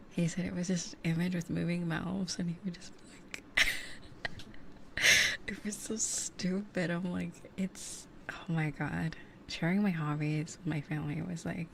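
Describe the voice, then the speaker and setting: A young woman streamer in whispered casual chat. She speaks softly into a close binaural ASMR mic and rambles with many fillers. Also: lowish voice, slight background noise.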